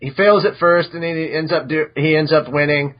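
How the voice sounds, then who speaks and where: A man casually recapping episodes on a podcast, animated and chatty, with a voice pitched a little high. He sometimes jumps into squeaky character voices as he tells it. The recording sounds dull and lo-fi. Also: normal speed. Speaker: podcast host.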